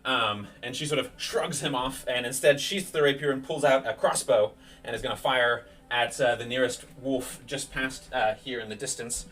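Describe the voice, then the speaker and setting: A man at a middle pitch runs a tabletop game as game master, calling rolls and painting each sword swing in vivid detail. He sits back from a distant mic. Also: steady tone, moderate pace, a bit bright. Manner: vivid play-by-play of rolls and attacks.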